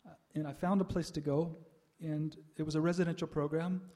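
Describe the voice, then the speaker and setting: An older man giving a reflective personal testimony to an audience, pausing often with "uh" and soft laughs. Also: a little high, little pitch movement. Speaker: speaker sharing a spiritual life story.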